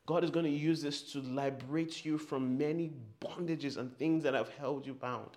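Male preacher, fairly high voice, leads call-and-response, rises to fervent loudness. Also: fairly even intonation, normal speed. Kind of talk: sermon.

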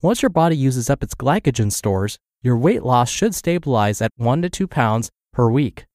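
A man's voice: mid-range voice, big pitch swings, normal speed, darkish tone, no room sound, clean studio sound. Stuffed-up man reading health articles. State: stuffed up from the flu. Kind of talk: scripted reading of a health blog.

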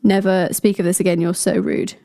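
A woman voicing a proud goddess who scolds in a sharp-tongued way. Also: lowish voice, flat delivery, fairly quick, gravelly, no room sound, studio quality. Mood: outraged.

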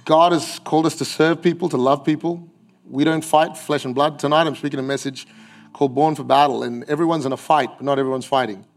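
A man's voice: fairly high pitch, fairly even intonation, brisk. A man preaching a sermon in church, emphatic and acting out the voices he quotes. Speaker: pastor.

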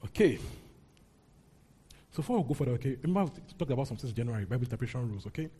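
Animated preacher, husky voice. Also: male voice, medium pitch, very fast. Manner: animated, rising into mock outrage when voicing characters. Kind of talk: Bible teaching.

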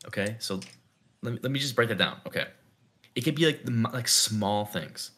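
A man's voice: medium pitch, animated, normal speed, pushed and bright. A young man co-hosting a casual podcast chat, rambling and thinking aloud with lots of "like". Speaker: podcast co-host.

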